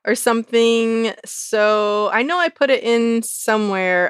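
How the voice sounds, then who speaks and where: A woman's voice: on the high side, lively intonation, slow, fairly bright tone, smooth, no room sound, studio quality. Teasing woman pressing her point. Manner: teasing, insistent. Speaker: podcast co-host. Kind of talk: casual chat.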